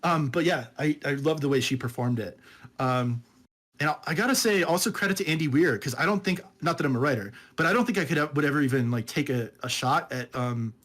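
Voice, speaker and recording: A man with a somewhat high voice talks loosely in a casual podcast chat. He rambles, laughs often and drops "dude" into his talk as he reviews a book with a friend. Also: a little fast, fairly bright tone. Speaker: podcast co-host.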